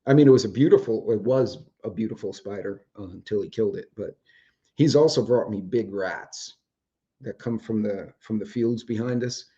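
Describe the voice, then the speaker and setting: A man hosts a laid-back chat show from his home, indoors with his dogs, rambling along and swearing casually as his voice begins to give out. His pitch sits on the low side at a normal pace, with a dark tone and the high frequencies cut off.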